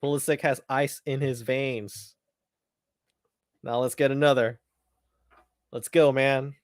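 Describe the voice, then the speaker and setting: Hosting a live football watchalong, this man talks slowly with a medium pitch and flat delivery. Still, he reacts eagerly and chats casually, repeating phrases often. The recording is dry.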